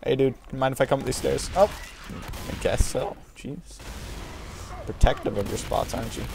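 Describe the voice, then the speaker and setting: Gravelly excitable gamer guy. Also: mid-range voice, moderate pace, a little hiss or hum. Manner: excitable, frequent yelps and exclamations. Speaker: gameplay commentator. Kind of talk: casual let's-play commentary.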